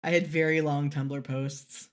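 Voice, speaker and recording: A woman co-hosting a casual podcast, talking in a rambling, animated way and swearing casually. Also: sits low, a little slow. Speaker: podcast co-host.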